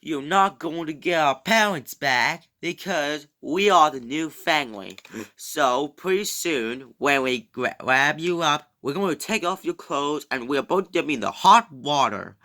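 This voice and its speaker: A man voicing a gloating male villain fish, slow and halting, words repeated, bright sharp tone, homemade toy play. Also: a little high, animated, exaggerated voice.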